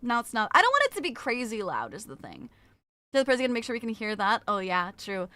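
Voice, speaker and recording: A woman's voice: on the high side, wildly swooping pitch, fast talker, sharp tone, slight background noise. A woman streaming live, chatting casually with her viewers, greeting them by name and often restarting her sentences. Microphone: desktop mic with a limiter.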